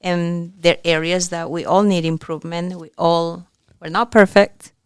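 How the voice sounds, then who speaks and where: A woman co-host speaks in a reflective, encouraging way during a relaxed interview. Her voice is smooth and slightly low. The sound is close and dry. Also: moderate pace, dry recording. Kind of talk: casual interview chat.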